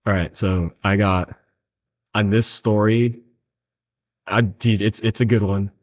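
A man's voice: lowish voice, steady tone, slow pace. A young man hosting a podcast, telling laid-back stories with a friend and saying "dude" a lot. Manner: laid-back storytelling, says "dude" often. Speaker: podcast host. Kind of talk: casual chat.

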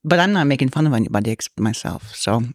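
A woman's voice: rumbling low, animated, fast, slightly rough, dry recording, studio quality. A woman co-hosting a podcast in casual, rambling banter, with a slight lisp at times. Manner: rambling, jokey, laughs often. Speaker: podcast co-host.

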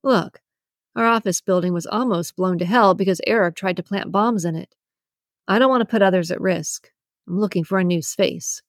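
A woman voicing a terse, guarded male security boss with clipped, gruff lines in an audiobook. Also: mid-range voice, normal speed, no echo, studio quality, natural voice. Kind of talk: audiobook character reading.

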